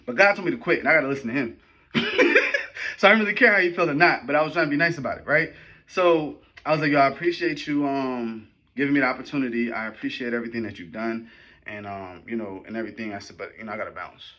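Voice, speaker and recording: A man hosting a podcast tells a personal story in a loose, slangy, animated way, often asking his listeners if they follow him. His voice is bright and forceful at a middle pitch. The recording sounds a little dull and lo-fi. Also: fast. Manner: animated, slangy, rambling with frequent "right?" and "you know what I'm saying". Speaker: podcast host. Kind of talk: casual storytelling talk.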